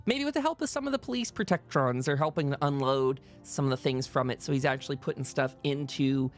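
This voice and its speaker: A man's voice: mid-range voice, fairly quick, faint music behind. A man narrating as game master of a tabletop game, rambling along with frequent fillers.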